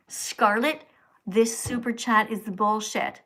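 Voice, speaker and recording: Middle-aged woman streamer, slightly high pitch; preachy, scolding, keeps repeating the viewer's name, hushed then loud. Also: moderate pace. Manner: swings between hushed whispers and loud outbursts. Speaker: livestream host. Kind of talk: livestream reading paid chat messages.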